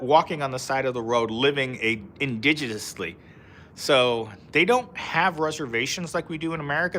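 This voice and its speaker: There's slight background noise as a man with a somewhat high, sharp voice live-streams outdoors in a park. He reads comments and chats casually with viewers, rambling, using many fillers and laughing frequently.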